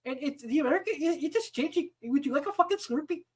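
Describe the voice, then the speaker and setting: A pushy male telemarketer with an Indian accent, overly polite in a mocking, singsong way, as a man puts him on. The voice sits high and thin. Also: lively intonation, quick pace.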